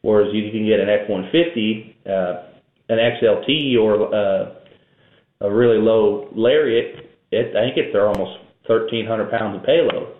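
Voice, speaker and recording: Low-voiced man explaining towing, tinny echo. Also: unhurried. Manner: knowledgeable, rambling, frequent fillers and restarts. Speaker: guest expert on trucks and towing. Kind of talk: casual interview talk. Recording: echoey room over a tinny phone-like line.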